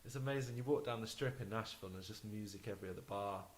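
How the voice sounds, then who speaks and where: A man's voice: lowish voice, rapid-fire, slight background noise, rough recording. A man speaking as an interview guest, chatty and easygoing, with frequent restarts. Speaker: guest musician. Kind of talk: casual interview chat.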